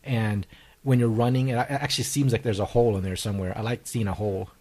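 A man's voice: fairly low pitch, steady tone, fast, warm tone. A man co-hosting a podcast, rambling casually with fillers and crude jokes. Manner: rambling, laughing, uses fillers. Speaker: podcast co-host.

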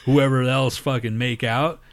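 A man's voice: medium pitch, fairly even intonation, a little slow, dry recording. A man co-hosting a podcast in casual chat, crude and laughing often, with constant swearing. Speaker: podcast co-host.

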